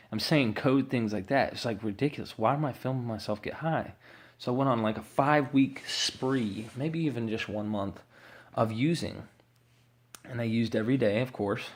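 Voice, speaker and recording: A man's voice: medium pitch, normal speed. A man candidly telling his own addiction recovery story, rambling and swearing freely as he acts out what people said.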